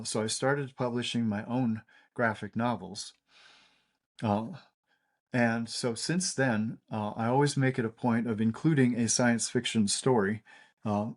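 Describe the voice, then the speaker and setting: An older man, a cartoonist guest, telling stories in a casual interview, halting with many fillers and restarts. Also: medium pitch.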